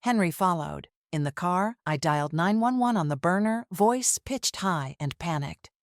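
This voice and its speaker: A woman narrating a dramatic first-person story in measured, clipped phrases. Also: on the low side, expressive, no room sound, studio quality.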